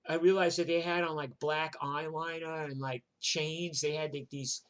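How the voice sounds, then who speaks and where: A man's voice: on the high side, little pitch movement, moderate pace, a bit bright. A man tells his life story in a rambling, profane way, full of "like" and "you know". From New York. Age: 60s. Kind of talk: casual spoken memoir.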